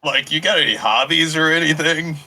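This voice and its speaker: A man playing a tabletop game, talking deadpan in character. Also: a little high, brisk. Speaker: player.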